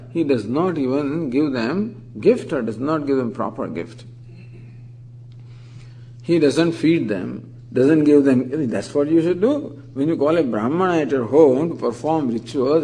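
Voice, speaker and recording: A man teaching scripture in a measured lecture, with a voice a shade higher than most men's. He pronounces Sanskrit words slowly and deliberately, then unpacks them in plain English. His pitch lifts when he wants to stress a point. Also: a little mellow, poor audio. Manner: explanatory, reciting Sanskrit terms slowly, then expanding in English.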